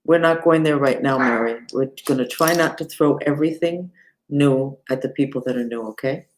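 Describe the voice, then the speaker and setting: A woman who teaches mantras and meditation, giving an unhurried live-streamed lesson and talking straight to her viewers. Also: rumbling low. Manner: unhurried, talks to viewers and reads the chat aloud.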